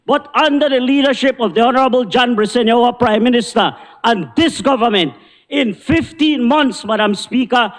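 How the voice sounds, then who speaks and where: High-voiced, indignant Belizean man in a reverberant chamber. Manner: indignant, combative, rhetorical. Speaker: member of parliament. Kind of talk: parliamentary debate speech. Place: parliament chamber. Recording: long reverb of a large chamber.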